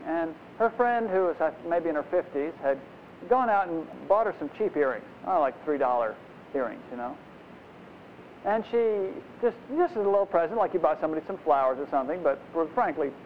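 A man preaching a conversational, animated sermon, acting out the voices in his stories, in a dull lo-fi recording. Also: on the high side. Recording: dull lo-fi recording, faint noise.

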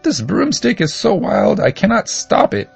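A man puts on a shrill, high old witch for a storybook, her voice climbing sharply above his own low tone. She is excitable and bossy, with faint music behind. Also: moderate pace, creaky, slightly rough, heavily acted. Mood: calling out.

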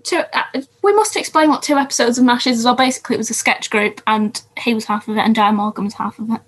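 A woman's voice: on the high side, quick pace, slightly rough. A woman co-hosting a casual podcast, chatting about TV shows from her notes. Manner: chatty, reads from notes, self-interrupting. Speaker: podcast co-host.

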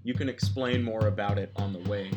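A man's voice: lowish voice, steady tone, brisk, highs cut off, loud music behind the voice, natural voice. A man voicing a stern male cop who gives curt commands.

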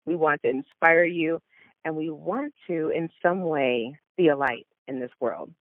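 A woman's voice: low voice, a little slow, no room sound, phone-quality sound. Gushing woman podcast host. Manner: gushing, enthusiastic praise. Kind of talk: podcast interview.

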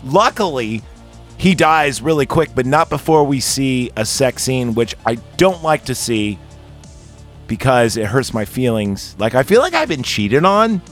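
A man casually recapping a slasher movie on a podcast, rambling and swearing, slipping into high quoted voices. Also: sing-song, measured pace, faint music behind. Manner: profane, rambling, jumps into squeaky quoted voices. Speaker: podcast host.

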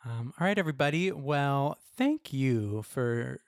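A man's voice: medium pitch, animated, unhurried, clean tone, dry recording, studio quality. Appreciative man signing off a podcast. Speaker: podcast co-host. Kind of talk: casual podcast sign-off.

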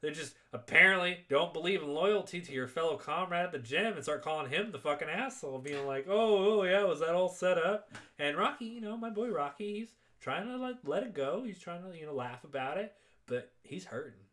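A man's voice: a little high, brisk. A man casually recapping a movie with a co-host, swearing a lot and acting out the characters' lines. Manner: excitable, profane, acts out quotes. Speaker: podcast co-host.

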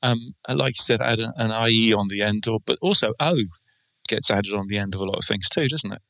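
A chatty man from England explains slang in a relaxed group conversation, pausing often on ums. His voice is bright and forceful, and the recording is dry and close. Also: on the low side, creaky, dry recording, poor audio. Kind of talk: casual group chat.

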